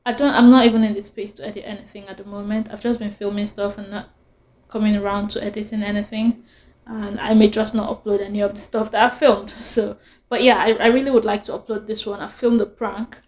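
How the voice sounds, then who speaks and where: A woman's voice: mid-range voice, little pitch movement, fairly quick, darkish tone. A young woman vlogger chatting casually and rambling through a storytime, often laughing.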